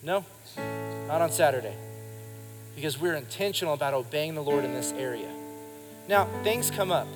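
A pastor in his thirties preaches to his congregation with a highish, lively voice at a moderate pace, pausing often. His delivery is emphatic and he calls on the crowd to respond. The service is recorded live in a reverberant hall with music playing behind him.

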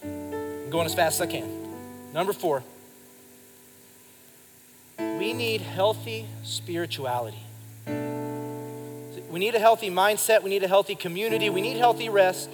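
In a live church service, a pastor in his thirties preaches with a high voice at a measured pace, pausing frequently, and calls out for the congregation's response in an emphatic style. Music sounds behind him in the reverberant hall.

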